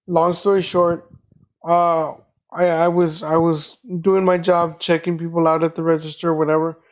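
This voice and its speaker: High-voiced man telling rambling stories. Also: flat delivery, moderate pace. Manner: rambling, profane, loose anecdotal delivery. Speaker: podcast host. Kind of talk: casual storytelling chat.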